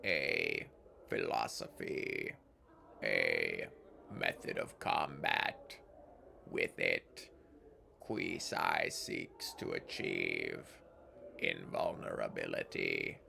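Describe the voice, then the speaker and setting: A man voicing a ponderous, stone-skinned male monk who speaks slowly in the third person with a deep grinding rumble. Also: big pitch swings, gravelly, bright, forceful tone, soft background music, heavily acted. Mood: solemn. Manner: slow, halting, speaks of himself in third person. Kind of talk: reading game dialogue aloud.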